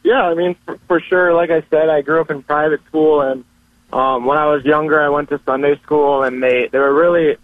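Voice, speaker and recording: A man's voice: fairly high pitch, steady tone, moderate pace, dry recording. A young man in his early twenties calling in, talking earnestly about family and faith with many small restarts. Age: 20s. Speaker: caller. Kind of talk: casual call-in chat. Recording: tinny phone line.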